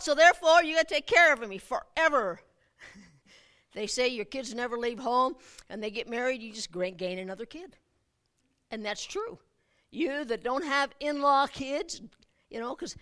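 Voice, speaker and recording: Middle-aged woman preacher, high ringing voice, animated delivery that climbs to forceful emphasis. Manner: animated, rising to emphatic outbursts, laughs at own asides. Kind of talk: sermon.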